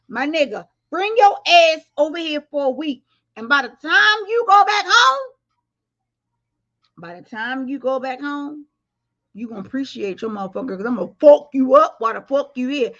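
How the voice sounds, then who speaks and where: A woman's voice: high voice, lively intonation, normal speed, a bit bright, dull audio. A woman hosting a live commentary stream, blunt and profane, joking as she reacts to clips.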